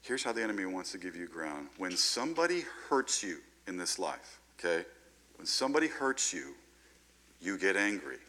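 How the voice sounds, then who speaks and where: A man preaching a sermon in a lively, conversational way, often checking in with "right?". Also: deep voice, moderate pace.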